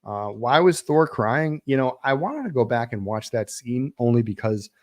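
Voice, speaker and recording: A man's voice: mid-range voice, expressive, normal speed. A middle-aged man, a film director, chatting casually on a livestream and answering viewer questions, rambling with lots of fillers. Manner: rambling, many fillers and restarts.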